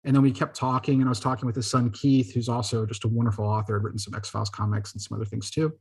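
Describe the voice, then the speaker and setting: Podcast guest, male, husky voice, animated anecdotal storyteller. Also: mid-range voice, quick pace. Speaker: guest filmmaker. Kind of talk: casual podcast interview.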